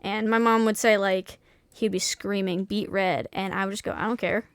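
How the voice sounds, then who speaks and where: A woman's voice: medium pitch, flat delivery, moderate pace, clear, resonant tone, dry recording. A young woman streamer in casual chat, talking candidly and swearing freely, with many restarts and fillers.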